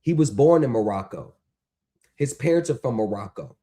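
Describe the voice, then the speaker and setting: A man hosting a livestream, talking in an animated, mocking rant that is full of profanity and rhetorical questions. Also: mid-range voice, normal speed. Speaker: stream host. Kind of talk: ranting livestream talk.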